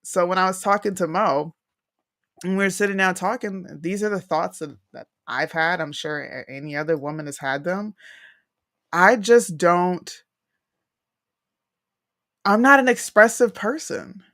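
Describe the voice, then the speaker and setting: A young woman speaking in a frank, casual podcast chat. She tells personal stories with animated asides and quick restarts. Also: lowish voice. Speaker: podcast co-host.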